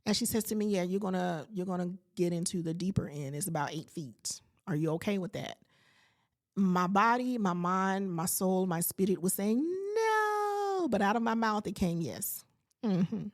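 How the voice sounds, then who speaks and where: A woman in her late forties hosts a podcast and tells a personal story in her own words. Her voice sits low with a gravelly edge. She brings the retold moments to life and slips into faith-filled, preacherly asides. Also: moderate pace. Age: late 40s. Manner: animated storyteller who acts out her own reactions. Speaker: podcast host.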